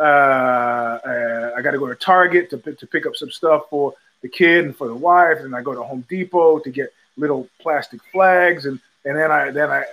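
A man's voice: on the high side, pushed and bright, poor audio. An older man hosting a podcast, telling a rambling story with many fillers and restarts, acting out the people he quotes. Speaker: podcast host. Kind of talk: casual storytelling monologue.

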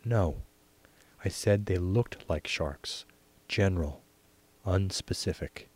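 A man's voice: sits low, slow, husky, exaggerated voice. A man doing a smug teen boy lecturing. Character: cocky teenage boy, mouth full of ice cream.

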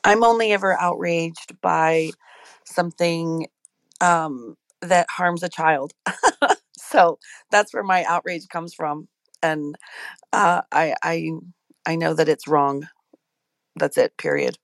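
A woman's voice: sits low, slow, pauses often, dry recording. A woman in a casual group chat, speaking earnestly and laughing between phrases. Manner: earnest and giggly. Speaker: participant.

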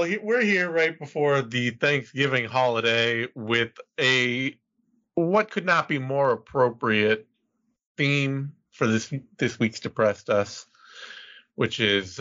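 A man's voice: medium pitch, animated, slow, bright, forceful tone, lo-fi sound. A man hosting a podcast in casual banter, joking and trailing off mid-thought. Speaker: podcast host.

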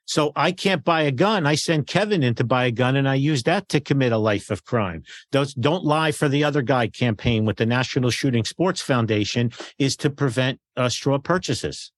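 A man's voice: medium pitch, dry recording, clean studio sound. A man who works as a firearms dealer, speaking matter-of-factly in a panel discussion. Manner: matter-of-fact, quick agreements.

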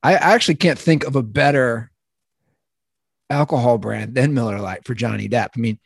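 A man's voice: mid-range voice, normal speed, creaky, husky, no echo, studio quality. A man co-hosting a casual sports podcast, rambling and opinionated, often tripping over his words. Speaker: podcast co-host.

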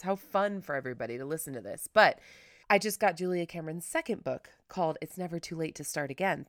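A woman's voice: fairly low pitch, dry recording, studio quality. A woman hosting a casual solo podcast, chatty and rambling, self-deprecating, with lots of filler words. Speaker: podcast host.

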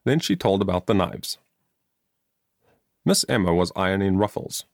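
A man narrating an old moral story for an audiobook in a measured, expressive reading. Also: deep voice, no echo, clean studio sound.

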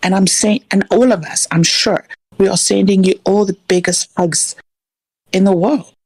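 A woman's voice: mid-range voice, moderate pace, a little mellow, husky, no echo. A woman calling in to a radio show, speaking in an earnest, emotional way. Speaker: caller. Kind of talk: heartfelt call-in tribute.

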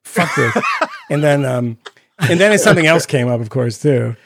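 A man's voice: mid-range voice, lively intonation, normal speed, fairly bright tone, no echo, studio quality. A man co-hosting a podcast, telling rambling funny stories in casual chat and laughing at his own jokes. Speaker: podcast co-host.

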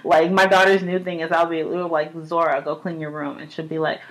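Young woman host, casual home podcast, high and chatty, swears freely, laughs often. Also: fairly quick, poor audio. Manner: profane, laughing, animated storytelling. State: high on cannabis. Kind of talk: casual chat. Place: home apartment.

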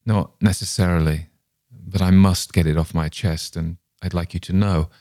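A man's voice: low voice, fairly even intonation, moderate pace, warm tone, dry recording, clean studio sound, lightly acted. A man voicing a grim male storyteller who recounts a horror with ghoulish relish.

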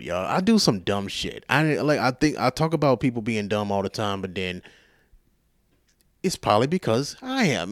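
A male podcast host telling a rambling story in casual chat, profane, animated and self-mocking, sounding tired. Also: fairly low pitch, measured pace, long pauses, no echo, studio quality.

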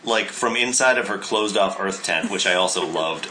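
Deep-voiced man with dry, wry remarks. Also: moderate pace, bright, forceful tone, slight background noise. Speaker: podcast co-host. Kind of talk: casual chat recapping a cartoon episode.

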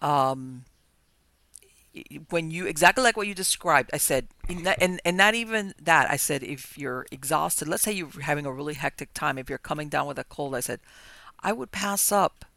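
A woman hosting a podcast, chatty and lively, often restarting her sentences. Her voice is gravelly with a bright, forceful edge. The sound is close and dry. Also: low-pitched, normal speed, no echo. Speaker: podcast host. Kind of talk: casual interview chat.

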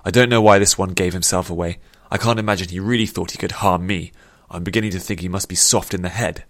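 A man voicing a cruel male army general who snarls and booms with contempt. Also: steady tone, fast talker, a bit bright, no room sound. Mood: snarling.

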